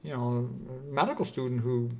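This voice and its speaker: A man's voice: medium pitch, expressive, fairly quick, warm tone. Earnest man telling his story. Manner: earnest, reflective, with restarts. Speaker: psychiatrist. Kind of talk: personal storytelling.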